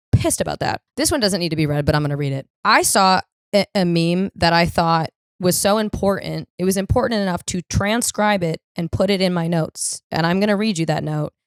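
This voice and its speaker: A woman's voice: mid-range voice, clear, resonant tone, no room sound, clean studio sound. A young woman hosting a comedic solo podcast, telling self-mocking stories in a blunt, profane way. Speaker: podcast host.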